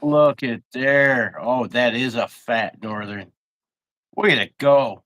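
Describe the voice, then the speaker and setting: A man's voice: medium pitch, takes it slowly, a bit bright, muffled recording. A man hosting a casual interview, cheering on his guests and reading out viewer questions with enthusiasm. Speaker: host, interviewer.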